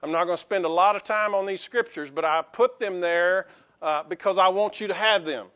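A male pastor delivering a lively sermon in church, joking with the congregation and calling for amens. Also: sits high, fairly quick, lo-fi sound.

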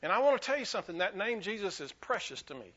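A man preaching a sermon with a high, bright, sharp voice. His pitch swings widely as he hammers home repeated lines and calls the church to answer back. The recording is dull and lo-fi. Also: big pitch swings, quick pace. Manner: preaching with rising fervor, repeating lines for emphasis; leads the congregation in call and response. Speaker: pastor. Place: church sanctuary.

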